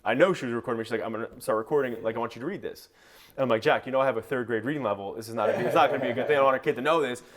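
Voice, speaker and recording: Fast-talking young man telling a story. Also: medium pitch. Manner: animated storyteller, acts out quotes, swears casually. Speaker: podcast host. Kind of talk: casual podcast conversation.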